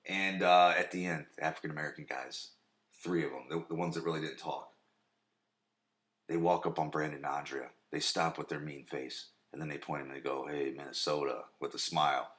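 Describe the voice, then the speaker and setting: A man's voice: rumbling low, steady tone, brisk, fairly bright tone. A man hosting a podcast, casually recapping a TV episode in a loose, rambling way full of fillers and restarts. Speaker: podcast host.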